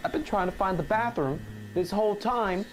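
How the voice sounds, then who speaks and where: A man's voice: high-pitched, normal speed, soft background music, pitched above the performer's own voice, natural voice, rough recording. A man voicing a jittery, lost man who rambles about looking for a bathroom in a comedy skit. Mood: flustered. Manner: jumpy, startled, rambling.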